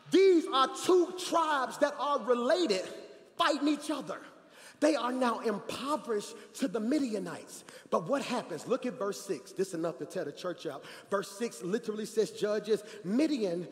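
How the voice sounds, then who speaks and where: A middle-aged man preaching an energetic sermon, telling stories and swinging from quiet asides to shouts. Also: high-pitched. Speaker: pastor. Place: large church hall. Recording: reverberant church hall.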